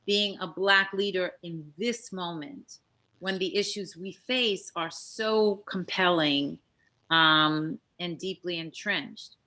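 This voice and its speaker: Low-voiced woman asking winding questions. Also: slow, pushed and bright. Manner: thoughtful, long winding questions with fillers. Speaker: interviewer. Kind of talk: interview conversation.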